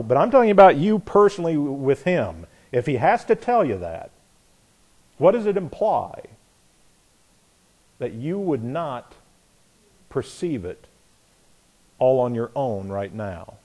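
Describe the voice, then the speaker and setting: A man preaching a sermon, animated, telling stories and asking rhetorical questions. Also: mid-range voice, takes it slowly, pauses often. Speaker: pastor.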